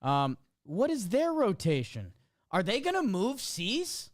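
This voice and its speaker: A man's voice: high voice, wildly swooping pitch, slow pace, no echo, clean studio sound. A man hosting a live sports talk show, riffing energetically and playfully on breaking news. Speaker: host.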